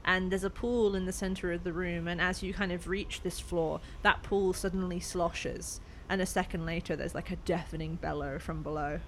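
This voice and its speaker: Low-voiced woman narrating as game master. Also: fairly even intonation, normal speed, hardly any pauses, slight background noise. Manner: loose descriptive narration with many "like"s.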